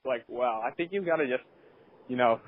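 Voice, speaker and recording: A man's voice: mid-range voice, normal speed, phone-quality sound, a little hiss or hum. A man co-hosting a casual podcast, talking in a laid-back, hesitant way while walking home on a headphone mic. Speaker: podcast co-host.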